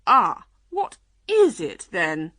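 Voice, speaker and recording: A woman voicing a proud, bossy male unicorn in a storybook, giving demanding, drawn-out commands. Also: medium pitch, very animated, bright, forceful tone, dry recording, clean studio sound, full character voice. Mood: excited.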